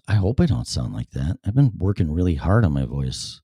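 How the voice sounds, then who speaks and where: A man hosts his own talk show and answers the chat room in a blunt, sarcastic way, swearing freely. His voice sits very low and mellow. The sound is close and dry. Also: sing-song, a little fast, breathy edge, dry recording. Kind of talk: casual solo show, reading chat aloud.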